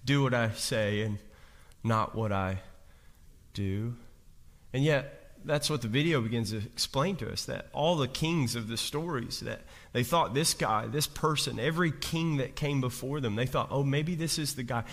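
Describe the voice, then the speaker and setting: Male pastor, mid-pitched, casual joking preaching with lots of restarts, reverberant church hall. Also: a little slow, fairly bright tone. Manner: chatty, jokey, asks the congregation questions, many restarts. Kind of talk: conversational sermon.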